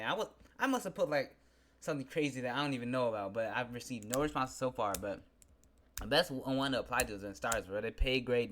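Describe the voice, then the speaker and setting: A young man in a casual vlog, ranting in an animated, slangy, exasperated way. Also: mid-range voice. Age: young adult. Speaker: vlogger. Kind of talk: casual venting monologue.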